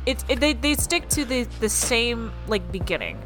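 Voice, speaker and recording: Brief: excitable female co-host, higher voice, casual swearing, music clearly behind. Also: normal speed. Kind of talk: casual chat.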